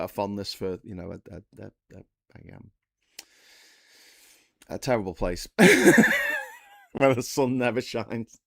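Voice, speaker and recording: Guy hosting a morning chat, low voice, sweary and rambly, dead dry sound. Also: no room sound. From Liverpool, England. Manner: rambling, sweary, stammering restarts. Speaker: host. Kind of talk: casual live chat show.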